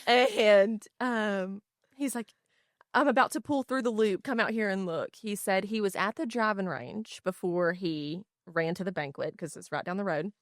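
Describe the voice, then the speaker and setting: A woman co-hosting a podcast in casual chat, telling stories with lively acted-out quotes. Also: medium pitch, normal speed, no echo, clean studio sound. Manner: animated storyteller, acts out quotes. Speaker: podcast co-host.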